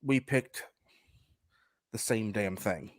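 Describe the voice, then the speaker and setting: A man's voice: on the low side, slow, dry recording. Male co-host, casual chat, rambles and restarts, dry close sound. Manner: rambling, hesitant, many restarts. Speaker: podcast co-host.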